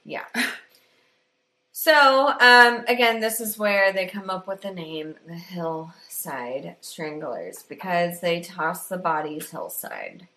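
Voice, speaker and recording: Bright-voiced woman telling true crime casually. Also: on the low side, expressive, slow pace. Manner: profane, laughs often, storytelling. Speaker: podcast co-host.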